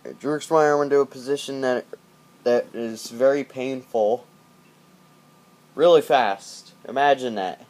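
A man's voice: medium pitch, a little slow, long pauses, a little mellow. Rambling jokey man on a tablet mic. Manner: rambling, jokey, repeats himself. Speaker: vlogger. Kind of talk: casual late-night vlog. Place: dark house during power outage, indoors. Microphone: tablet built-in mic.

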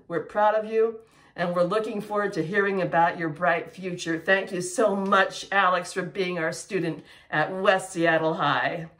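A woman teacher giving an earnest, animated award speech, addressing her student directly. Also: lowish voice.

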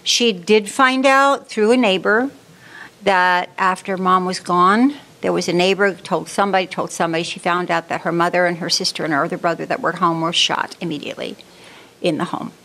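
A woman's voice: lowish voice, fairly even intonation, a little fast, bright, forceful tone. A woman in her seventies, born in Germany and raised in New York, unhurriedly telling her life story as an interview guest. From born in Germany, raised in the Bronx, New York. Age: 70s.

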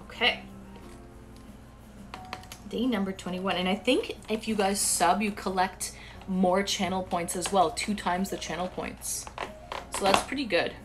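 A woman's voice: mid-range voice, steady tone, measured pace, long pauses. Chatty woman streamer, faint music behind. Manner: chatty, talks straight to viewers. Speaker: live streamer. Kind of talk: casual livestream chat.

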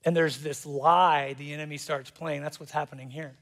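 Pastor guy preaching, high voice, playful, does little voices for the quotes. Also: moderate pace. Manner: animated, jokey, acts out voices in quotes. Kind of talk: sermon. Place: church auditorium.

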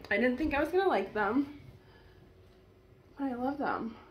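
A woman's voice: sits high, lively intonation, moderate pace. A young woman vlogger chatting casually to her viewers as she tries on clothes at home, gushing and talking straight to camera. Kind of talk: casual try-on haul chat.

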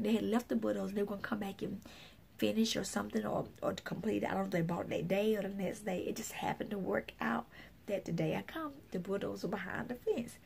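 A woman minister with a deeply gravelly, fry-laden voice, sitting at an ordinary middle pitch. She tells her story casually and rambles, stacking fillers and restarts. Now and then she acts out other people's lines. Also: a little mellow, a little hiss or hum. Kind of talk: casual spoken testimony.

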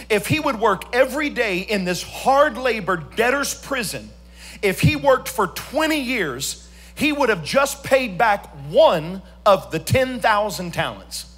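A man preaching a church sermon as pastor, swinging from quiet storytelling to sung, shouted emphasis. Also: sits high.

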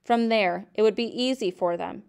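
A woman teacher reading a novel aloud to her class in a steady, measured narration. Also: medium pitch, vocal fry, clean tone.

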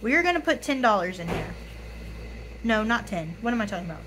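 A young woman in her twenties with a hoarse, raspy voice, chatting casually to camera, often apologizing and counting money out loud. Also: mid-range voice, very animated, quick pace, background noise. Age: 20s. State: hoarse, voice tired. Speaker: budgeting YouTuber.

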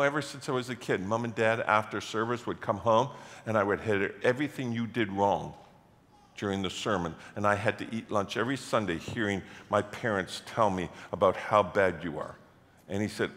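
Male pastor, bright forceful delivery, story-driven sermon in a reverberant church hall. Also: on the low side. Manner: storytelling, acts out quoted voices, builds to loud animated passages. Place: church sanctuary.

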